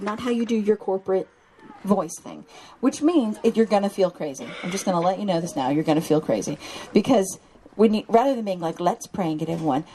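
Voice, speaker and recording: A middle-aged woman giving a lively talk to parents, often acting out quotes in different voices. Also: medium pitch, a little hiss or hum, poor audio. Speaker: speaker on children's faith.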